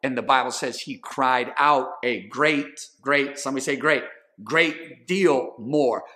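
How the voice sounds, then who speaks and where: Male pastor, slightly high, bright, forceful delivery; emphatic preaching that calls for congregation response. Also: slow. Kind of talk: sermon. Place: church in Los Angeles.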